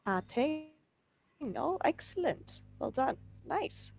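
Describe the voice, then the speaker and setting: A woman's voice: high-pitched, very animated, slow, gravelly, no echo. A woman teaching an online English class on a video call, upbeat and teasing.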